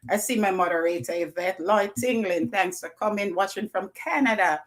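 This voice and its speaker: A Jamaican woman hosts a live stream, calling out viewers' names as they join. She speaks with an effusive, repeating way of talking, at a middle pitch for a woman. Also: normal speed, hardly any pauses. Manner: effusive, greets viewers by name, repeats phrases. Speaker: livestream host.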